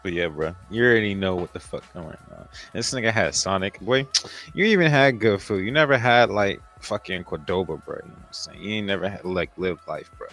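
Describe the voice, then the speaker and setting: A young man with a very deep voice trades laid-back, slangy banter as a podcast guest. Faint music plays under his talk. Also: brisk, a bit bright. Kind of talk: casual chat.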